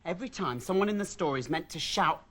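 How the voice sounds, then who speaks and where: A woman presenting children's TV, brisk and down-to-earth, a little bossy with her co-host. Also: fairly low pitch, animated, a bit bright. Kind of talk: children's TV banter.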